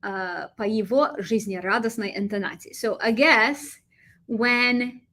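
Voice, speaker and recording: A young American woman with a lively, animated delivery, teaching a Russian vocabulary lesson and switching between English and Russian. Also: a little high, unhurried. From United States.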